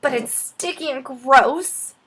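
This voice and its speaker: A woman's voice: high voice, takes it slowly, fairly bright tone, voice pushed up. A woman doing a whiny prissy schoolgirl. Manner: complaining, squealing.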